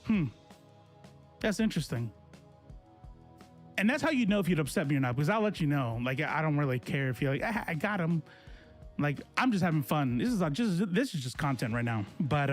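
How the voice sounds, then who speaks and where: A man in his forties, a political streamer, ranting to his chat in a confrontational, sarcastic way. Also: on the high side. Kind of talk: casual livestream rant to chat.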